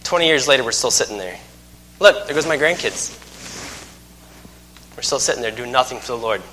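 A man's voice: mid-range voice, lively intonation, a little fast, sharp tone, slight background noise. A man in his thirties preaching a sermon, telling folksy stories with self-mocking humor. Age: 30s. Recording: long hall reverb.

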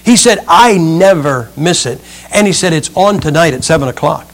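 A man's voice: on the high side, lively intonation, moderate pace, low-quality recording. A middle-aged male preacher giving a humorous sermon, acting out the people in his stories. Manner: humorous storytelling, acts out quotes.

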